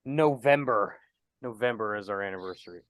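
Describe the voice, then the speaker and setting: A man's voice: lowish voice, fairly quick, no echo. A man co-hosting a podcast, chatting casually, teasing his co-host and rambling through his points with lots of fillers. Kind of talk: casual chat.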